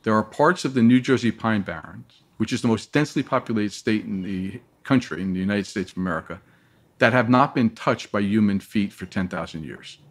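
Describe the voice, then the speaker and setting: In an interview, a man recounts a long personal tale in a lowish voice and at a fairly quick clip. He keeps it lively, doing voices for everyone he quotes.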